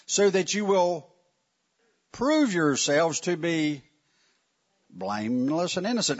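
A man's voice: a little high, very animated, takes it slowly, pauses often. A man teaching a Bible lesson in a conversational, wry way, often putting questions to his listeners. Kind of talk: sermon teaching. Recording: dull lo-fi recording.

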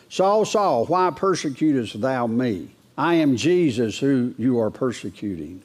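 A man delivers a folksy verse-by-verse sermon at a mid-range pitch. His voice climbs higher whenever he reads scripture aloud, and he keeps checking in with the congregation through questions. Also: animated, normal speed, hardly any pauses, a little mellow. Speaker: preacher.

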